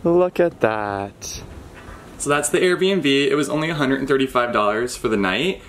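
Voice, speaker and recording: A man in his twenties, chatting excitedly to a handheld camera on a solo road trip. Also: mid-range voice, fairly quick. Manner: excitable and chatty, talking to himself on a solo drive. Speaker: vlogger. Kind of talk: casual travel vlog talk to camera. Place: in a car and outdoors on rural roads. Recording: audible car and outdoor noise.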